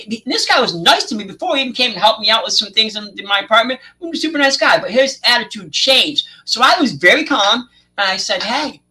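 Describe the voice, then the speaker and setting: A man co-hosting a podcast, chatting casually and telling stories with drawn-out emphasis and frequent "okay?" checks. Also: extremely high pitch, pushed and bright, rough recording. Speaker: podcast co-host.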